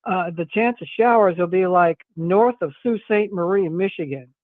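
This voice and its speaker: A man with a fairly high voice calls in a relaxed, chatty weather forecast. The line is thin and phone-like, and the sound is dry and close, with no room around it. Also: normal speed, dry recording. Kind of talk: radio weather report by phone.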